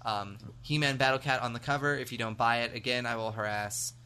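An American man co-hosting a podcast in relaxed, rambling chat, joking and filling gaps with ums. His voice is bright and forward, at an everyday middle pitch. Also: fairly quick, clear, resonant tone. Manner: rambling, jokey, full of fillers. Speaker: podcast co-host. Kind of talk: casual chat.

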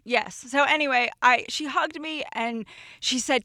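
A woman's voice: fairly high pitch, normal speed, dry recording, studio quality. A woman in her forties, a podcast guest, telling emotional stories in casual chat. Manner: emotional, expressive storyteller. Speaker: guest, former roommate.

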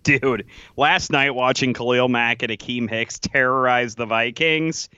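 A man co-hosting a sports podcast talks casually and playfully, laughing often. His voice is bright and crisp. The sound is slightly dull and lo-fi. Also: mid-range voice, steady tone, measured pace, no echo. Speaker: podcast co-host.

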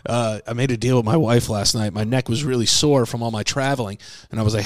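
A man hosting a comedy podcast, rambling playfully with plenty of swearing and now and then dropping to a hushed voice. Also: mid-range voice, moderate pace, pauses often, dry recording. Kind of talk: improvised comic singing and rambling chat.

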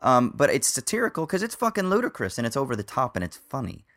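A man's voice: medium pitch, wildly swooping pitch, quick pace, a bit bright. A man co-hosting a podcast, talking films in a casual, swearing way with lots of fillers. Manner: swears freely, many fillers. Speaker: podcast co-host. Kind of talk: casual film discussion.

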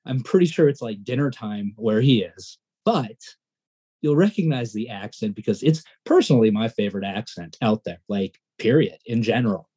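A man co-hosting a podcast in casual chat, excitable and rambling, his voice jumping up when he gets worked up. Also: fairly low pitch, normal speed, husky. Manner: excitable, rambling, self-deprecating. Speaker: podcast co-host.

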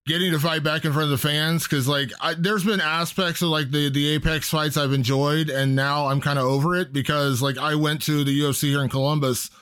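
A man's voice: a little high, level tone, fairly quick, hardly any pauses, a bit bright, clear, resonant tone. A man hosting an interview, chatty and enthusiastic, asking leading questions. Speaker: podcast host. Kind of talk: casual interview chat.

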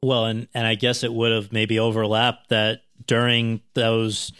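A man's voice: fairly low pitch, completely flat delivery, measured pace, a bit bright, slight background noise. A man hosting an interview who asks long, winding questions full of restarts. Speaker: interview host.

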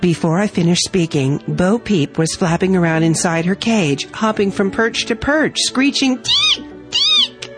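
A woman reading her own heartfelt family story aloud in a gentle storytelling manner. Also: fairly low pitch, moderate pace, hardly any pauses, faint music behind. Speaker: story reader.

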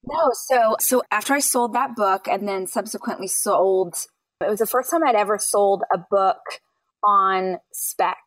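A woman in her thirties, an author guest on an interview podcast, telling her story with lively acted-out quotes. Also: a little slow, dry recording, far from the mic. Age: 30s. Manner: animated, acts out quotes with high bursts.

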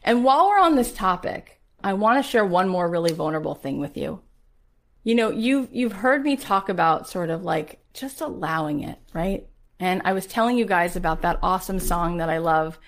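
A woman's voice: fairly low pitch, animated, moderate pace. A woman in her forties hosting a podcast, telling a personal story in an emphatic, motivational way and asking rhetorical questions. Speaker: podcast host.

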